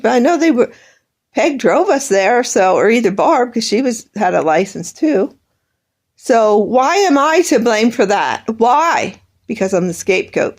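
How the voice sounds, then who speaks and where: A woman's voice: fairly high pitch, a little mellow. A middle-aged woman in an emotional monologue, bitter and accusing, rambling, her voice breaking into tears.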